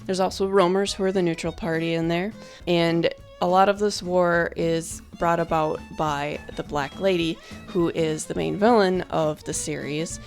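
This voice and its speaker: A woman's voice: lowish voice, fairly even intonation, moderate pace, faint music behind. A young woman in casual chat, announcing her book in an upbeat, chatty way that pokes fun at herself. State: out of breath at first. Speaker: vlogger and author.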